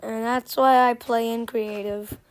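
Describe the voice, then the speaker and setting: A woman's voice: on the high side, steady tone. A woman giving casual, playful commentary on a game tutorial, joking at herself and trailing off with fillers. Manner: slow, playful and self-joking, with many fillers and trailing phrases.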